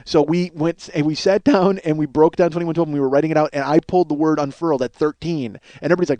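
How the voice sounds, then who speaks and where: A man's voice: fairly high pitch, very fast, hardly any pauses, dark tone, dry recording. A middle-aged man hosting a solo podcast, telling rambling, crude, self-mocking stories. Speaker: podcast host.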